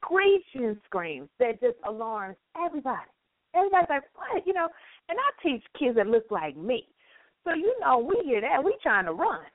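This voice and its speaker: Woman co-host, teacher, animated storyteller, high and lively, dry phone-line audio. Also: moderate pace, no echo. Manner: animated storytelling, acts out voices. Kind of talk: casual radio chat.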